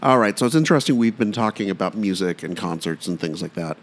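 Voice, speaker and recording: Male co-host, wry, self-mocking, low-ish voice, animated intonation. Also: fast. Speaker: podcast co-host. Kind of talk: casual podcast chat.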